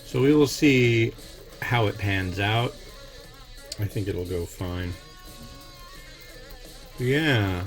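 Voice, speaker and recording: Soft music plays behind a man with a lowish voice who talks very slowly, leaving long pauses. He's the host of an instant noodle review channel, chatting casually while cooking and tasting in a rambling, opinionated manner with frequent restarts.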